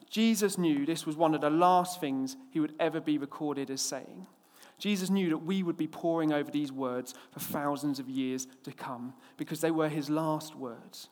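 A male preacher from England tells a lively anecdote, acting out its characters before moving into scripture. His voice sits a little high. It carries a long reverb, as if spoken in a large hall. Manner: storytelling, lively and expressive, acts out the characters. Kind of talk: sermon with an opening anecdote.

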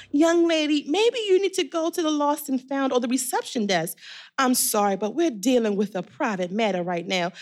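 A woman playing a high-strung, demanding pastor's wife. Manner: theatrical, demanding, swoops in pitch. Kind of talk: audio drama acting.

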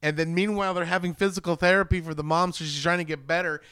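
A man co-hosting a casual film podcast, animated and swearing freely as he acts out lines from the movie. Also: on the high side, fast, clear, resonant tone, no echo. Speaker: podcast co-host.

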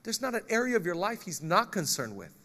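A male pastor preaching a lively sermon, joking with the congregation and reading scripture aloud. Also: high voice, fairly quick.

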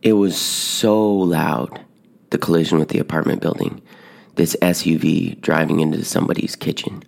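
A man casually telling a personal story on a podcast, building suspense with hushed moments. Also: rumbling low, moderate pace, creaky. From Tucson, Arizona. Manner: animated, drops to hushed whispers at dramatic moments. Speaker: podcast host telling stories.

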